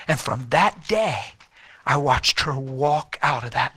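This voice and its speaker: A man telling an emotional personal faith story in an animated way, repeating words and acting out what people said. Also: mid-range voice, slow pace, breathy edge. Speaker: speaker sharing a personal faith testimony.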